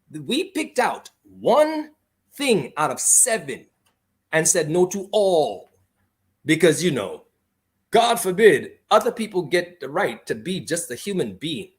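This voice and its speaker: Man, radio guest, emphatic, fairly high voice, animated. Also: measured pace. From Grenada. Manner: impassioned, emphatic, argumentative. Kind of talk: radio talk show discussion.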